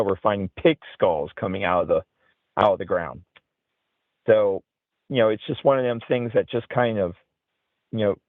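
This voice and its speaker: Over a tinny, phone-like line with no room sound, a man with a fairly low voice tells a story as an interview guest. He's an outdoorsman and paranormal investigator who rambles along, saying "you know" a lot.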